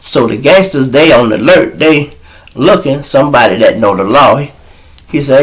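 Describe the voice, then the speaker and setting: A man's voice: mid-range voice, normal speed, rough recording. A man hosting a podcast, telling a long story in casual, profane talk and acting out other people's words. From Chicago. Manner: animated, profane, acts out quoted voices. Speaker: podcast host.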